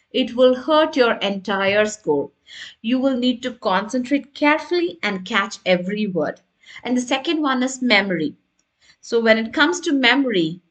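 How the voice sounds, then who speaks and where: A woman's voice: fairly high pitch, fairly bright tone. Woman teaching an exam prep lesson. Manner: explanatory, checks in with "right?" and "got it?". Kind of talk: online lesson.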